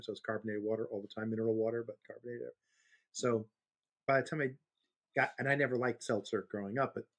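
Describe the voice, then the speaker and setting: A man's voice: medium pitch, fairly bright tone. A man in his fifties, co-hosting a podcast, telling long rambling stories in casual chat and laughing easily. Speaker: podcast co-host.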